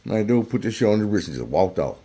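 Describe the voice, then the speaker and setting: Low-voiced man telling a slangy story. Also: very animated, quick pace, warm tone. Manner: slangy, conversational, acts out quotes. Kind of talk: casual storytelling.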